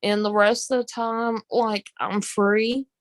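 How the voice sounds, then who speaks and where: A woman with a Southern US accent, chatting casually on a live stream, rambling with many pauses and ums while greeting viewers. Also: on the high side, level tone, no room sound. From Southern United States. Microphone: phone.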